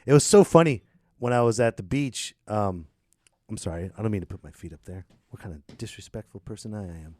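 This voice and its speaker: A man hosting a podcast, ranting sarcastically and swinging between loud and muttered. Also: on the low side, a little fast. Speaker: podcast host. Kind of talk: casual ranting chat.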